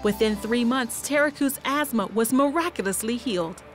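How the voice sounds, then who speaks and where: Female narrator, measured scripted documentary read, a bit high-pitched. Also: expressive, soft background music.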